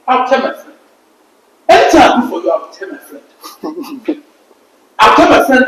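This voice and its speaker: A man's voice: very high-pitched, big pitch swings, moderate pace, fairly bright tone, slight background noise. A man on a podcast panel, arguing emphatically and telling stories with repeated words. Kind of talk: casual debate. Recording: very echoey room.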